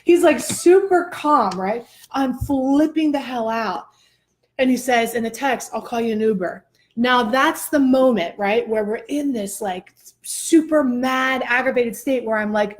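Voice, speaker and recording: A woman host telling a personal story in a casual chat, animated and expressive, often laughing. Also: fairly high pitch, unhurried.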